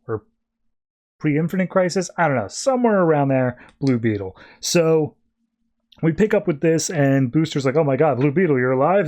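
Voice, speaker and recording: A man's voice: a little high, a little mellow. A podcast host, a man, casually reviewing comic books in a chatty, rambling way that often corrects itself.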